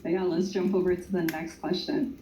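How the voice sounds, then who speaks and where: Brisk woman moderating a panel. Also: fairly low pitch, flat delivery, dark tone. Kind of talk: reading audience questions. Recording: echoey lo-fi room with faint noise.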